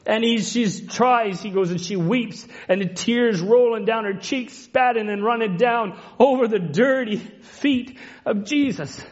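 Impassioned high-voiced preacher, dull lo-fi sound. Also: male voice, expressive, unhurried. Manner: impassioned, swings between hushed and rising cries. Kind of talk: emotional sermon retelling a story. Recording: dull lo-fi recording.

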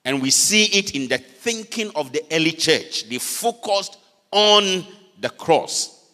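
Slow, lively Ghanaian preacher in a hall. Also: male voice. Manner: preaching slowly with dramatic pitch swings, switching between English and Fante. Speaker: pastor. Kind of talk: sermon. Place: church hall. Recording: long reverb of a church hall.

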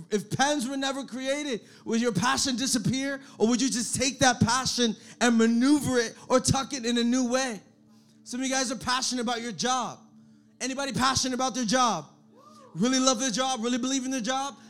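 A young man preaching to a young adult church group, energetic and repetitive, often calling out for the crowd to answer. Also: very high-pitched, normal speed. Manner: energetic, repetitive, calls for audience response. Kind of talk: sermon.

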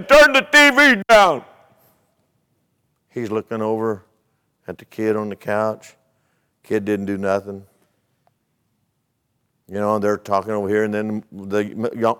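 A pastor preaches a sermon from the pulpit in a smooth, middle-pitched voice, spinning a story in an easygoing, folksy way. Leading into his teaching, he checks in with listeners through rhetorical questions.

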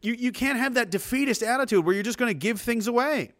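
Fiery high-pitched ranting man. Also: fast, fairly bright tone, no room sound. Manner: heated, profane, emphatic. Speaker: political commentator. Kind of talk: ranting monologue.

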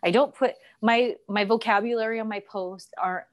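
A woman co-hosting a podcast in casual chat, telling a story with animated delivery and reading messages aloud. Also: on the high side, normal speed. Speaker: podcast co-host.

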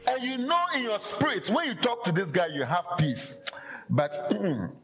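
A man preaching a lively sermon, acting out quoted voices and laughing often. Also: sits high, normal speed, faint music behind.

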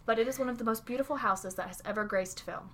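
A woman co-hosting a podcast in casual chat, talking with emphatic, animated energy. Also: on the high side, fast. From Southern United States. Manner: animated, talks with her hands, emphatic. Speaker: podcast co-host. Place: library.

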